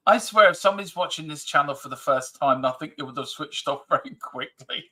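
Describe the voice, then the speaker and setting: A man with a very bright, forceful voice hosts a casual football fan stream. He jokes easily, reads viewer comments aloud and laughs along. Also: a little high, fairly quick. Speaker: co-host of fan live stream. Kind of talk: casual chat.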